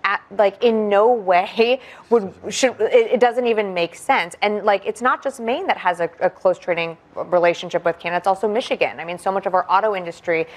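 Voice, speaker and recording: Female panel guest, argumentative and pressing, mid pitch. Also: a little fast, hardly any pauses. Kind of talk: political panel debate.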